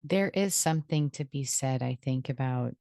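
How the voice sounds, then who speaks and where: A woman host talks through her thoughts on a podcast, casual and thoughtful, peppered with "like". Her voice is very low and gravelly, recorded dry and close with no room sound. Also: moderate pace, dark tone, no room sound. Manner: thoughtful, lots of "like".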